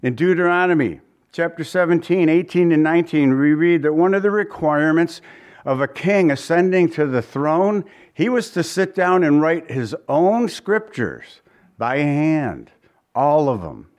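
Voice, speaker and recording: A man's voice: on the high side, expressive, a little slow, darkish tone. A man preaching a sermon in a conversational way, often asking his listeners questions and chuckling between points. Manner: restarts often, chuckles now and then. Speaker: pastor.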